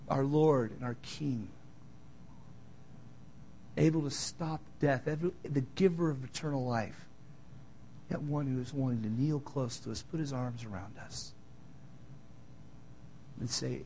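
Emphatic preaching man, loud then hushed. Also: mid-range voice, slight background noise. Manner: swings from loud emphatic preaching to quiet tender asides. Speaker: pastor. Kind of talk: sermon.

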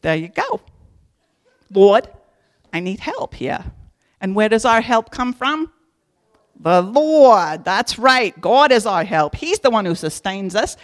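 A woman's voice: fairly high pitch, very animated, unhurried. A woman giving a casual devotional Bible teaching in a folksy, humorous way, talking straight to her listeners.

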